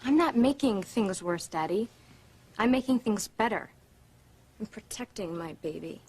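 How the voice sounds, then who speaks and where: A woman's voice: medium pitch, animated, a little slow, a little mellow, husky. An actress playing a bitter young mother in a soap opera, defiant and cutting. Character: bitter young mother shielding her baby. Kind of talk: daytime soap opera acting.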